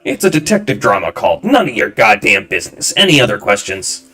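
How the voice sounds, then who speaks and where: A man voicing a loud, arrogant male film director who shouts and talks down to people. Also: on the low side, sing-song, a little fast, faint music behind. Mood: brash, condescending. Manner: shouting, condescending, brash.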